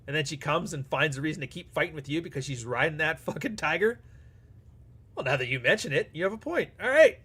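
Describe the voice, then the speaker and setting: Working through super chats, a livestream host speaks fast and animatedly in a husky voice that runs high with a sharp tone. He keeps it casual and blunt, cursing a lot and acting out dialogue.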